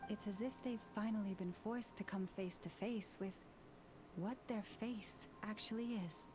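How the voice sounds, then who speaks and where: A woman voicing a calm, earnest community leader who speaks in a measured, gentle way in a video game. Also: mid-range voice, noisy background, lightly acted. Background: game music.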